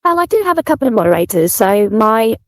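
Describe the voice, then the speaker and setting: A British woman with a high, light voice talks gently in a relaxed interview. She drifts through "um"s and restarts as she thinks aloud. The close mic leaves her sound dry and near. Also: quick pace, no room sound. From United Kingdom. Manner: soft-spoken, many fillers and restarts. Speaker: guest streamer. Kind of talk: casual interview chat.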